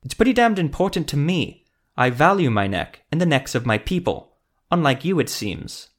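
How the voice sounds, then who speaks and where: A man's voice: a little high, sing-song, normal speed, pitched above the performer's own voice. A man voicing a weary, scarred male elf sorcerer who speaks tensely and insistently.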